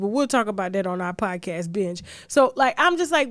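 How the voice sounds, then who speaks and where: A woman's voice: fairly high pitch, animated, fast, fairly bright tone, no room sound, studio quality. A woman hosting a gossip commentary show, ranting in a brash, profane, rhetorical way. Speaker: host.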